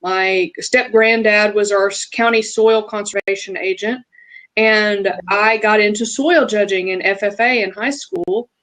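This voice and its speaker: A woman's voice: mid-range voice, unhurried, a bit bright, rough recording. A woman with a Southern US accent, a guest telling her story at length in a casual interview over a video call, with small restarts. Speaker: guest, feng shui practitioner.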